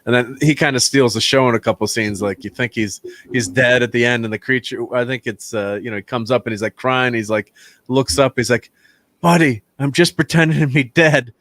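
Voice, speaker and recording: A man hosts a loose film review chat, trailing off into fillers and restarting his sentences. His voice sits at an ordinary pitch. The sound is dry and close, with no room around it. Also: steady tone, a little fast, fairly bright tone, dry recording. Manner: rambling, many fillers and restarts, laughs often. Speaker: channel host, film reviewer.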